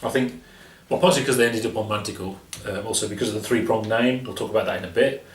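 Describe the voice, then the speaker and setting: A man's voice: fairly low pitch, fast. A man casually chatting as co-host of an album review show, rambling and laughing often. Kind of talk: casual chat. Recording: roomy, slightly distant sound with faint music.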